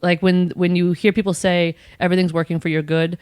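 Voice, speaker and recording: A woman guest, a spiritual coach, chatting casually on a podcast with animated asides and laughter. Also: lowish voice, fairly quick, clean tone, no echo, clean studio sound.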